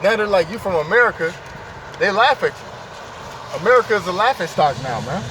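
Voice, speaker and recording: A man's voice: high-pitched, big pitch swings, normal speed. A man preaching informally outdoors, emphatic and repetitive, often saying "man" and "okay". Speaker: street preacher. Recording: distant mic, loud traffic noise outdoors.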